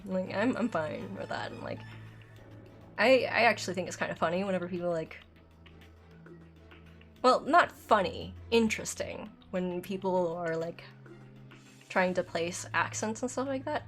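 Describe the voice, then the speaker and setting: Chatty woman streamer with a dry throat. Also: mid-range voice. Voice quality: slight lisp from dental aligners. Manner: chatty, rambling, reads chat aloud. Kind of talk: casual live gameplay chat.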